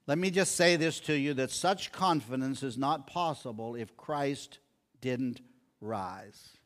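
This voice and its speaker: A man's voice: medium pitch, slow. An older man preaching a sermon, telling scripture stories and acting out the quoted lines. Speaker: pastor.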